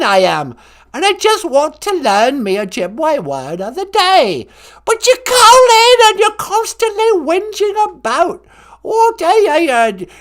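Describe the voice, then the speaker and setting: A man in falsetto as a shrill old English queen. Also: gravelly, heavily acted. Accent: put-on English. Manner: loud falsetto, scolding. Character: shrill scolding elderly royal grandmother.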